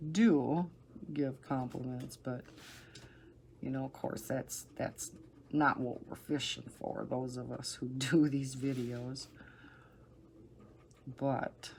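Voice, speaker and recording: A middle-aged woman with a low, soothing voice chats unhurriedly as she colors, rambling from one thought to the next and breaking into soft laughs. A faint hiss sits under her voice. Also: flat delivery, takes it slowly, pauses often. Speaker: coloring channel host. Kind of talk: casual chat while coloring.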